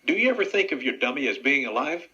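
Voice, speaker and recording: Bright-voiced man asking radio questions. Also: medium pitch, big pitch swings, quick pace. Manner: plain, direct questioning. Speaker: radio interviewer. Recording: dull lo-fi radio audio.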